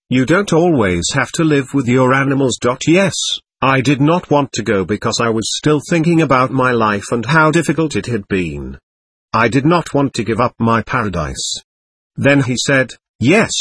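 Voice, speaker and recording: A man telling a first-person story in a slow, measured way, pausing to say "dot" after sentences as if dictating. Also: mid-range voice, fairly bright tone, breathy edge, dry recording. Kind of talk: first-person spoken narration.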